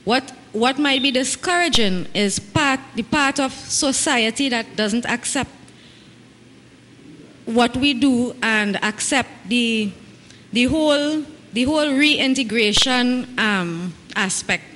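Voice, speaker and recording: A woman with a Trinidadian accent, a field officer on a studio panel, speaking in a measured way and searching for words. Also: on the high side, a bit bright. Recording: reverberant studio with faint noise.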